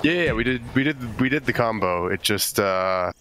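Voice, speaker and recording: A man joining a gaming stream as a guest player, explaining things in a relaxed way. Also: on the low side, normal speed, slight background noise. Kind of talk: casual stream chat.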